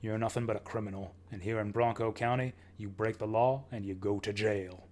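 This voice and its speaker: A man reading a calm stern sheriff. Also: natural voice. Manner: calm, low, measured.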